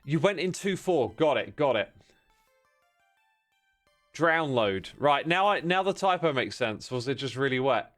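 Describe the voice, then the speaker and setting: A man with a hoarse, worn voice talks casually at his desk mic while he streams a game. He rambles in a mid-pitched voice and greets his chat by name. Faint music plays behind him. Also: animated, moderate pace, few pauses, fairly bright tone. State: hoarse from festival screaming. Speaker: livestreamer.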